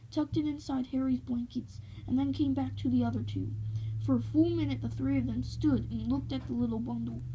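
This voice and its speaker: A woman reading a storybook aloud with steady, gentle pacing. Her voice sits high, yet it sounds mellow and dark with a breathy edge. The recording is a little dull and lo-fi. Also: slight background noise. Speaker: narrator reading a novel aloud.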